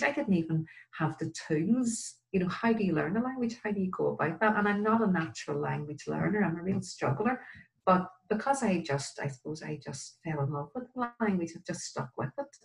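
A woman's voice: lowish voice, low-quality recording. A woman, chatting candidly as an interview guest and laughing at herself. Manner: candid and self-deprecating, laughs often. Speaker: guest, Irish language learner. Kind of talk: casual interview chat.

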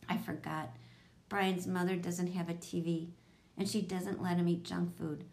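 A woman narrating a children's chapter book in a steady, even storytelling voice. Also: lowish voice, measured pace, gravelly. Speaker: audiobook reader.

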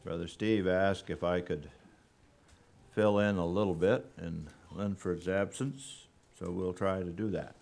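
A man giving a sermon as a guest preacher, unhurried and halting, with frequent pauses and fillers. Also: deep voice, gravelly, a little mellow.

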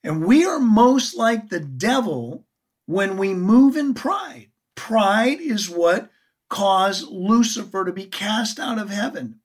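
A woman giving a Bible teaching in an earnest, expressive way, often asking her listeners questions. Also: mid-range voice, takes it slowly, slightly rough. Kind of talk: sermon teaching.

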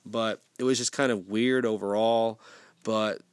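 A man's voice: fairly low pitch, steady tone, unhurried, clean tone, no echo. A man giving a casual film review, rambling and swearing freely, with frequent restarts.

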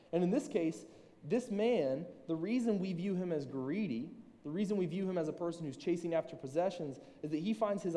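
A man, a school reading teacher, giving a sermon to a room and reading scripture slowly and deliberately. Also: fairly high pitch, dark tone. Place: room with an audience. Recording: long reverb from a large room.

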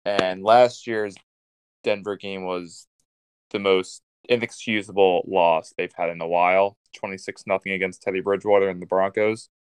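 A man's voice: deep voice, steady tone, moderate pace, clear, resonant tone, dry recording. A man co-hosting a casual sports podcast, giving blunt, decisive predictions. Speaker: podcast co-host.

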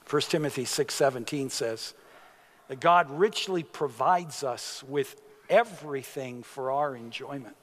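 Slow-preaching pastor in a reverberant hall. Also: male voice, mid-range voice, a bit bright. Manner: unhurried preaching with sudden emphatic rises. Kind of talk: sermon.

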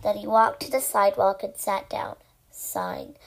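A woman hosting her own podcast, reading her own short story aloud in an unhurried, chatty way with frequent fillers. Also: mid-range voice, big pitch swings, low-quality recording.

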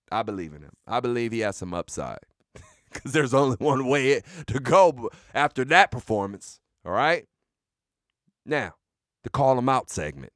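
A man hosting a sports podcast, delivering comedic, mocking trash talk with sudden shouted bursts. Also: medium pitch, no echo, studio quality.

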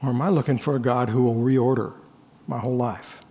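A man preaching a sermon as lead pastor, earnest, moving between bold emphasis and quiet reflection. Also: medium pitch, steady tone, fairly quick, breathy edge, in a large hall.

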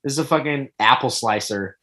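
Brief: young guy, ex-delivery driver, rapid-fire crude storyteller. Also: mid-range voice, sharp tone. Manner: quick, crude storytelling with frequent swearing. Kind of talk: casual chat.

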